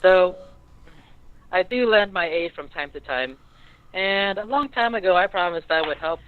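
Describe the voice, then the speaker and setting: A high, teasing girlish voice of an ancient denizen, smug and giggly, as a man puts her on, heard over a tinny phone-like line. She sounds pleased with herself and talks down to the heroes. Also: moderate pace, smooth, natural voice. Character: playful girlish female denizen in maid outfit.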